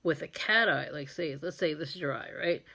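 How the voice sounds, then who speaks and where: A woman's voice: deep voice, brisk, creaky, sharp tone, slightly rough. A woman hosting a live makeup tutorial, chatty and self-deprecating as she explains each step.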